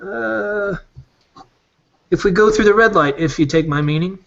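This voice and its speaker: A man's voice: high-pitched, unhurried, vocal fry, fairly bright tone, voice pushed up, exaggerated voice. A man voicing a timid young male guide who is polite and hesitant, stammering as he speaks. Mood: deferential. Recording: dull lo-fi recording.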